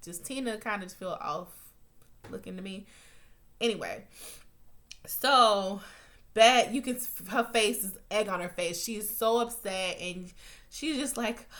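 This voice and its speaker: A woman's voice: medium pitch, a bit bright. Chatty, blunt woman ranting through a recap. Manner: chatty and blunt, swears freely, rants with rising heat, many fillers. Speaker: TV recap reviewer. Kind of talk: casual spoken episode recap.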